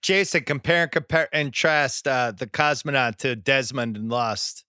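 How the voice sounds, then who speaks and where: A man's voice: mid-range voice, normal speed, bright, forceful tone, clean tone, dry recording, clean studio sound. A man hosting a casual podcast chat about movies, steering the talk with questions to his panel. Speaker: podcast host.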